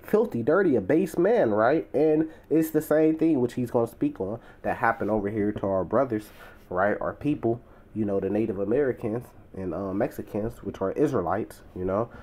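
A man's voice: medium pitch, normal speed, dark tone. A man teaching from the Bible in a casual, conversational way. He leans on "you know" and "right?" and swells into emphatic, preacherly stresses.

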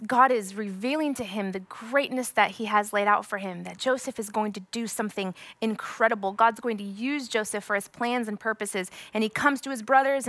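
A woman in her thirties preaches to young people in a high, bright voice. She speaks with animated emphasis and repeats phrases as she builds each point. The sound is close and dry. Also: dry recording. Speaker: youth pastor. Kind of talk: sermon with personal stories.

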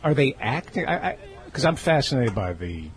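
A man's voice: medium pitch, big pitch swings, moderate pace. A man hosting a casual interview, asking curious, probing questions. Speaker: podcast host.

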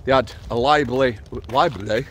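Middle-aged yorkshire bloke, low voice, blunt matter-of-fact storyteller, out walking at night, a bit of background hiss. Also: male voice, normal speed. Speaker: former prison officer, channel host. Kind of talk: casual storytelling on a night walk. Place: outdoors at night.

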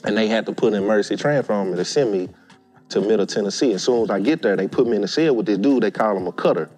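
A man's voice: lowish voice, fast talker, soft background music. A man, telling a story casually and acting out the voices of the people in it. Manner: animated, acts out quoted voices. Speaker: guest storyteller.

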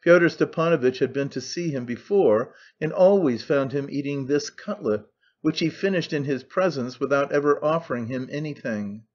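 Man reading an old novel aloud, measured and even, kinda muffled low-fi recording. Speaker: audiobook narrator. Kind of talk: scripted narration. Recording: dull lo-fi recording.

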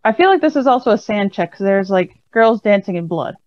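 A woman's voice: mid-range voice, lively intonation, brisk. A woman playing in a tabletop horror game, speaking casually and wryly. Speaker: player. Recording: dull, dry lo-fi audio.

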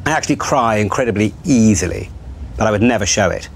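A well-spoken middle-aged man opens up in a candid, self-deprecating way. His voice sits low. Faint noise runs under the recording. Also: lively intonation, quick pace, vocal fry. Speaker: TV channel executive in a therapy session. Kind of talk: candid conversation.

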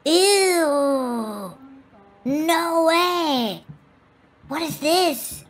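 A woman hosting a reaction video, excitable, gasping and laughing with constant exclamations over the clips. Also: sits high, takes it slowly. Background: clip sound and music playing.

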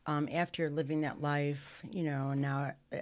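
A middle-aged woman, a podcast guest, telling her life story candidly, earnest and halting with frequent restarts. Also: low voice, little pitch movement.

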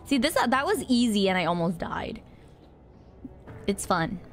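A woman giving live gameplay commentary, excitable and breathless, shrieking and gasping as she plays. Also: medium pitch, unhurried. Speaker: gamer streamer. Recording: game music playing loudly behind.

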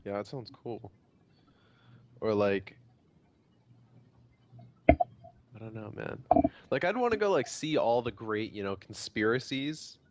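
A man's voice: lowish voice, takes it slowly, pauses often, muffled recording, background noise. A young man hosting a casual chat over a voice call, laid-back, stumbling over his words and swearing casually. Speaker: podcast host. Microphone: computer mic on a voice call.

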